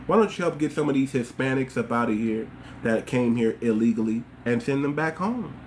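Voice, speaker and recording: A man's voice: mid-range voice, animated, fairly quick, slight background noise. A man hosting a livestream, talking straight to his viewers in a mocking, rhetorical and preachy way. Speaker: livestream host.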